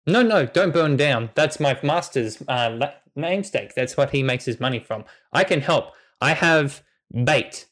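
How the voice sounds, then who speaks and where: A man's voice: fairly high pitch, lively intonation, unhurried, a bit bright. A man voicing an eager, loyal male farm dog who speaks in simple, broken sentences and pleads for help.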